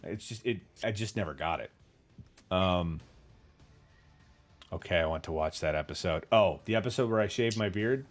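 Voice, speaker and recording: A man's voice: deep voice, normal speed, long pauses, faint music behind. A man hosting a casual livestream chat, telling rambling stories with casual swearing and answering viewer comments. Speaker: podcast host.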